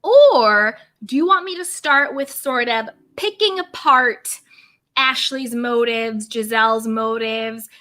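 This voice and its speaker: A young adult woman hosting a live stream recap, greeting viewers one by one with bubbly, drawn-out hellos and pop-culture slang. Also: on the high side, bright, forceful tone. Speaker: YouTube recap host.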